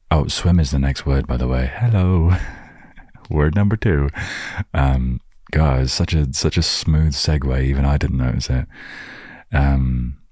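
A man with an extremely deep, husky voice chats on his solo podcast. He rambles, drifts into jokes and trails off mid-thought, and the recording is close and dry. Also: a little mellow, dry recording. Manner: rambling, joking asides, trailing off. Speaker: podcast host. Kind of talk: casual solo podcast chat.

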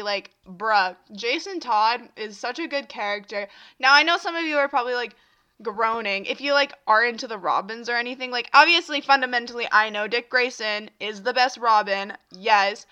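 Her fairly high voice comes across bright, forceful, and smooth. Hosting her podcast alone while hiccuping, the young woman chats and rambles, leaning on fillers and frequently interrupting herself.

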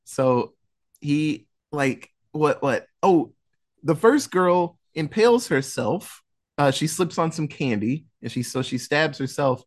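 On a podcast, a male co-host casually recaps a horror movie's plot, rambling, restarting, and filling gaps while chuckling along. His voice sits on the high side with lively intonation, and he takes his time.

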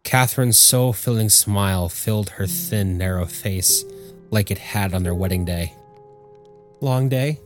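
A man narrating a story in a measured, steady audiobook style. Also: low voice, music in the background.

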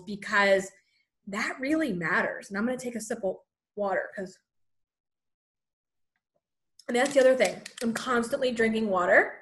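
Speaking straight to camera, this pregnancy vlogger in her thirties is chatty, encouraging, and slightly breathless, peppering her talk with "you know." Her voice sits mid-range with a fairly bright tone.

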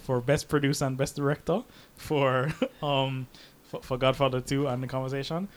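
A man's voice: medium pitch, moderate pace. A man co-hosting a casual film podcast, telling stories with lots of energy and acting out the voices of the people in them. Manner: animated storyteller acting out quoted voices. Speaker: podcast co-host.

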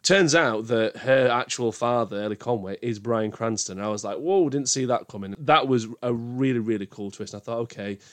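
A man's voice: mid-range voice, fairly quick, few pauses, a bit bright, dry recording. A man giving a casual spoken film review, emphatic and prone to bursts of exasperation.

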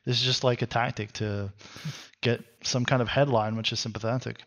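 A man's voice: medium pitch, fairly even intonation, normal speed, fairly bright tone. A man co-hosting a podcast in casual chat, speaking in a dry, matter-of-fact way. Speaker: podcast co-host.

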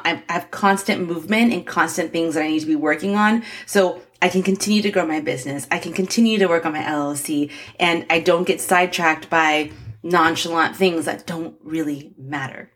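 A woman's voice: fairly low pitch, steady tone, moderate pace, fairly bright tone. A woman in her forties hosting a podcast, talking earnestly and emotionally to her listeners with encouragement and frequent laughs. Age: 40s. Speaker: podcast host. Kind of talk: motivational podcast monologue.

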